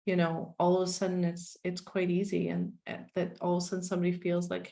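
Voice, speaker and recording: Gravelly low-voiced woman, frank and wry. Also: completely flat delivery, fast, mellow. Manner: frank, wry, self-deprecating. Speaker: guest. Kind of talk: candid conversational storytelling.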